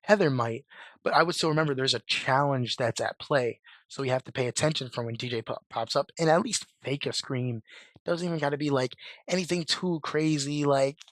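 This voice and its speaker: A young man with a hoarse, mid-range voice talks fairly quickly in loose, slangy fan commentary, rambling with lots of "like" and restarted sentences. The recording is dry and close, with no room sound.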